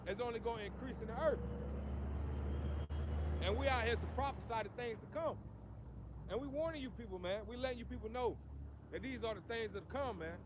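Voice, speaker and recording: A man's voice: very high voice, brisk, pauses often. A man street preaching outdoors in an emphatic, preachy way, tagging his lines with "man" and "you see". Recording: outdoor street noise behind.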